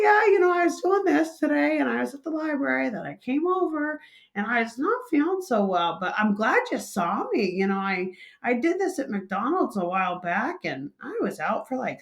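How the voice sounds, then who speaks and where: A woman doing a high chatty old lady. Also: big pitch swings, normal speed. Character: chatty elderly woman café regular.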